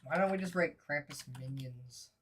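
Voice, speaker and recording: Very low-voiced woman, relaxed co-host. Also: normal speed, slight background noise. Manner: laid-back, laughs softly, adds movie trivia. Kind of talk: casual chat.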